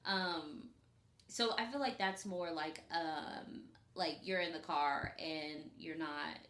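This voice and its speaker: A woman co-hosting a casual chat about spiritual practice, rambling with many fillers and dropping into soft, breathy asides. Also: sits low, slow pace. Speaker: podcast co-host. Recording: echoey room.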